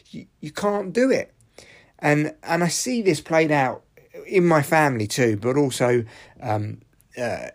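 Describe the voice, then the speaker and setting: Ranting man, swearing freely. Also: mid-range voice. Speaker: podcast host. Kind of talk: solo rant podcast.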